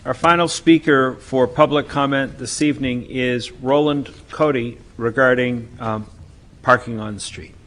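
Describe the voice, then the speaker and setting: A man's voice: mid-range voice, steady tone, measured pace, a bit bright. A man chairing a city council meeting, making brief, formal procedural announcements.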